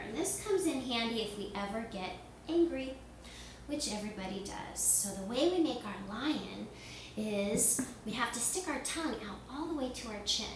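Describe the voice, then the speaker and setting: A woman guiding children through a yoga lesson, gentle and encouraging with a sing-song lilt. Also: on the high side, animated, moderate pace, noisy background. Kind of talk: guided kids' yoga lesson. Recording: echoey room, recorded from a distance.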